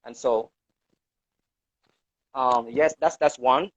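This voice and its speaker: A man's voice: mid-range voice, fairly even intonation, slow. A man co-hosting a casual talk show discussion, speaking hesitantly with many fillers. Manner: hesitant, fills with "um" and "you know". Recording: dull lo-fi recording.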